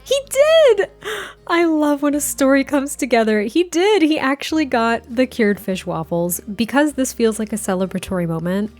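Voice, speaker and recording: A woman giving casual gameplay commentary as a YouTuber, chatty, giddy and quick to laugh. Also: on the high side, darkish tone.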